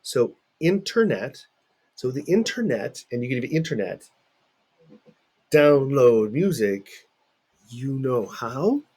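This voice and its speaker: A man's voice: medium pitch, expressive, slow pace, long pauses, mellow, slightly rough. A middle-aged man teaching in a recorded video lecture, talking conversationally and putting questions to his students.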